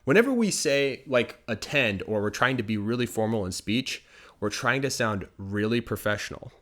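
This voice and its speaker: A young American man teaching English phrases, explaining patiently and slowing down to show pronunciation. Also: mid-range voice, expressive, fairly bright tone. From United States. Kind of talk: bilingual teaching video.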